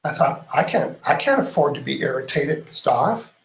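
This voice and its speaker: Gravelly, animated man in an echoey room. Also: on the high side, normal speed. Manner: animated storyteller, acts out quoted lines. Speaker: host. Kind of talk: live-stream chat reading viewer comments.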